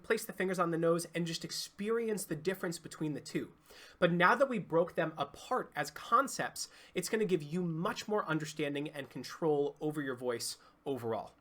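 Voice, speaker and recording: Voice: mid-range voice, normal speed, a bit bright. Instructive singing coach explaining technique. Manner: clear, instructive, demonstrates sounds. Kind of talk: online vocal lesson.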